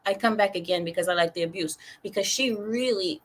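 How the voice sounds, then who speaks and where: Talking a little fast in a medium-pitched voice, a woman hosts a laid-back livestream where she reads viewers' chat comments aloud, rambling and laughing often.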